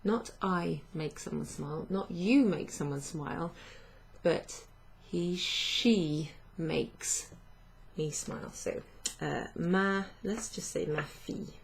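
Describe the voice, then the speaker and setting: A woman's voice: on the low side, takes it slowly, gravelly, breathy edge. A woman teaching a French lesson, explaining patiently with fillers and self-corrections. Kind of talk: online language lesson.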